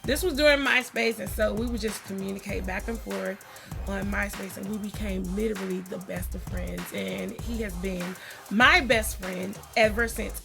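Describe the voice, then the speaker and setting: Middle-aged woman vlogger, chatty storyteller, bright and slightly high voice, light music bed. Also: vocal fry. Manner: animated, chatty, acts out quotes. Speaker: vlogger introducing her family. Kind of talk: casual storytelling vlog.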